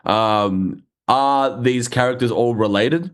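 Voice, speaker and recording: A man hosting a podcast, talking in a relaxed, casual way, swearing now and then and readily agreeing with his guest. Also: medium pitch, takes it slowly. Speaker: podcast host.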